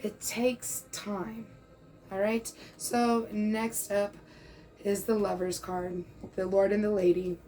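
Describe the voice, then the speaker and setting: A woman's voice: mid-range voice, little pitch movement, slow, dark tone, faint music behind, poor audio. A woman in her thirties giving a casual tarot reading, chatty and reassuring, checking in often and now and then calling the listener "bro". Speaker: tarot reader.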